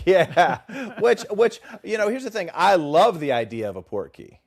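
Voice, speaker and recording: A man co-hosting a casual book-discussion podcast, animated and playfully teasing his partner. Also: high voice, unhurried. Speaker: podcast co-host.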